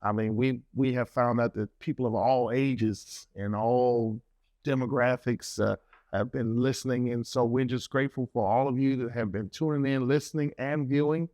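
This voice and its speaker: A middle-aged man co-hosts a podcast, upbeat and enthusiastic, tripping over a word now and then. His voice is mid-pitched and recorded close and dry. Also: steady tone, moderate pace, a little mellow, dry recording. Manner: enthusiastic, with small stumbles. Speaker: podcast co-host. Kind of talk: podcast talk with sponsor plug.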